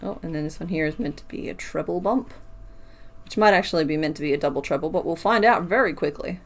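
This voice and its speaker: A woman's voice: deep voice, fast. A woman streaming while she crochets, talking casually, counting stitches aloud and answering her chat.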